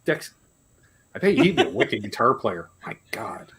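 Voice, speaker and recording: A Canadian man hosting a casual live chat, telling animated stories and swearing freely. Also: medium pitch, moderate pace, slightly rough. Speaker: host.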